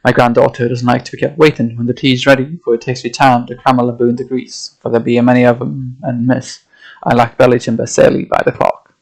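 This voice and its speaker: A man's voice: mid-range voice, flat delivery, a little fast, creaky, rough recording. A man voicing a very old, brusque, sceptical male sailor with a put-on Yorkshire dialect, read aloud from a novel. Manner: brusque, dismissive, quiet.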